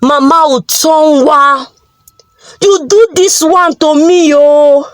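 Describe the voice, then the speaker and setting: A woman's voice: sits high, very animated, drawn-out words, darkish tone, dry recording, full character voice. A woman voicing an angry, grieving middle-aged father, scolding and wailing.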